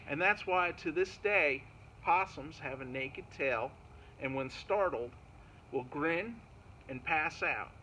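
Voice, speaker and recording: A man telling a folk tale to children in an animated way, chanting little sound effects as he goes. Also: fairly high pitch, slow pace, background noise. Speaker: park storyteller. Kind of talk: storytelling for children.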